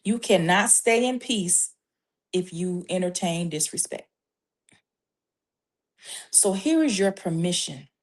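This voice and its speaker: Slow, measured Christian life coach woman. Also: lowish voice. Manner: measured, emphatic, lists steps with scripture. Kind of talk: faith-based parenting advice talk.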